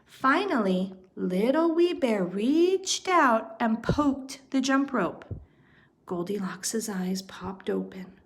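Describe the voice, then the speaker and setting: A woman storyteller reading a children's storybook aloud, expressive and unhurried. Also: fairly high pitch, slight background noise.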